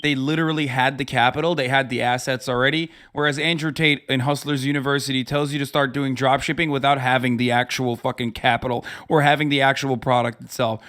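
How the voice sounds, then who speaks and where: A man's voice: mid-range voice, fairly even intonation, fast talker, hardly any pauses, fairly bright tone. A man streaming, ranting in a sarcastic, profane, casual way. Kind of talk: casual live-stream commentary.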